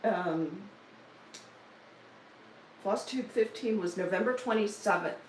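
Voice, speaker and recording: A woman's voice: mid-range voice, slow pace, roomy sound, recorded from a distance, slight background noise, low-quality recording. A woman, chatting casually on a live stream about her stitching projects, with joking asides and self-deprecating humor. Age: 60s. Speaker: stitching vlogger.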